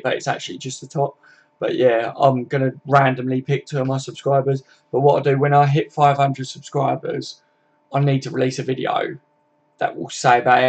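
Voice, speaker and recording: Tired, gravelly lad on a stream. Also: male voice, mid-range voice, darkish tone. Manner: chatty, matey, swears freely. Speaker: football fan streamer. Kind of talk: casual live-stream chat.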